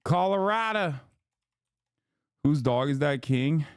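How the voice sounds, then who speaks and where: A man rambles and rants through his livestream commentary, swearing freely. His voice is smooth and clear. It is recorded close and dry, with no room sound. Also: fairly high pitch, slow, no room sound. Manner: profane, ranting, animated rambling. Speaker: streamer host.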